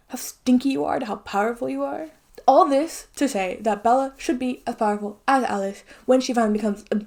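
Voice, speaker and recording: A woman's voice: on the high side, a little mellow. A young woman giving a casual, ranting video commentary, swearing freely and dropping into sudden whispers. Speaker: video essayist.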